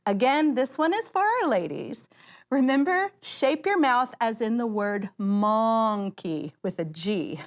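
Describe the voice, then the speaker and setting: A woman's voice: on the high side, animated, slow pace. A woman vocal coach, giving an encouraging voice lesson and guiding singers through exercises. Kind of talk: voice lesson instruction. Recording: loud piano music behind the voice. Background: piano.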